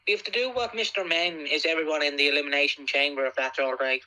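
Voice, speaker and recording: Bright-voiced joking male podcast co-host. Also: a little high, steady tone, poor audio. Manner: playful, teasing, quick to joke. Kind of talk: casual joking podcast chat.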